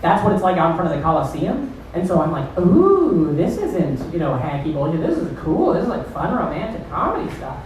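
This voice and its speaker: A man's voice: a little high, very animated, a little fast, hardly any pauses, a little mellow, slight background noise. A man hosting a stand-up comedy show, telling a loose, profane, rambling story to the crowd. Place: comedy club stage. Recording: roomy, distant club recording.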